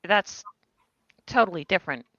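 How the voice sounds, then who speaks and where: A woman's voice: lowish voice, lively intonation, moderate pace, a bit bright, no echo, lo-fi sound. A woman chatting easily in a group video call and laughing often.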